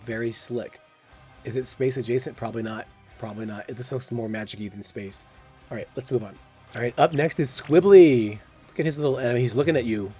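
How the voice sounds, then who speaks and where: A man's voice: medium pitch, dark tone. A man hosting a gaming channel, giving casual, curious commentary and thinking aloud with exclamations. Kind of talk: casual game commentary voice-over.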